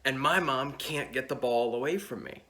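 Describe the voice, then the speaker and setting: Brief: late-teen male, bright tone, dry rambling anecdotes. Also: medium pitch, normal speed. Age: late teens. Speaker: talent show performer. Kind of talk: stand-up storytelling.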